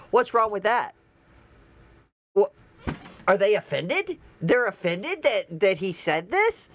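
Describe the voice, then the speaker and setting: A woman's voice: on the high side, sing-song, unhurried. A woman hosting online commentary, reading social media posts aloud with incredulous, sarcastic asides. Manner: reads posts aloud and laughs.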